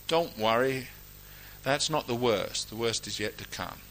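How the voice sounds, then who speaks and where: A man preaching a sermon, emphatic and exhorting, swinging between loud declarations and quiet asides. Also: medium pitch, poor audio. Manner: reads scripture aloud in a ringing, measured cadence.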